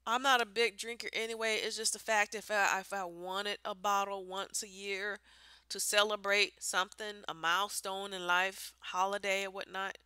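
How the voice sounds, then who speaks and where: A woman's voice: mid-range voice, little pitch movement, moderate pace, bright, forceful tone, clear, resonant tone, no room sound. Blunt, swearing woman ranting on a vlog. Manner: blunt, exasperated, swears freely. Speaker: vlogger.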